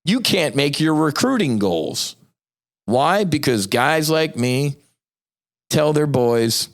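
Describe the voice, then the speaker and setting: A man's voice: on the high side, expressive, takes it slowly. A middle-aged American man hosting a podcast, delivering a blunt, profane, fired-up monologue. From United States. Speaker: podcast host. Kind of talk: impassioned monologue.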